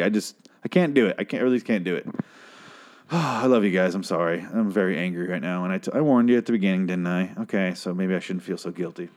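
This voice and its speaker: A man hosting a podcast who delivers an exasperated, heavily profane comedic rant and keeps breaking off to apologize. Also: on the low side. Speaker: podcast host.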